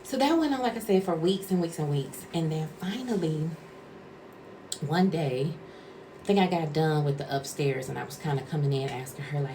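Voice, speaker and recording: A woman's voice: low voice, moderate pace, background noise. A woman vlogger and former caregiver telling a rambling, conversational story and acting out what people said. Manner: rambling, conversational, acts out quotes. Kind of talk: casual storytelling vlog.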